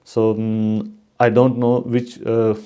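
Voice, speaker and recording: A man hosting his own channel, giving a casual, unhurried tutorial on coding for network engineers, with frequent fillers and restarts. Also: medium pitch, completely flat delivery, mellow, clear, resonant tone, muffled recording. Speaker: channel host teaching network automation.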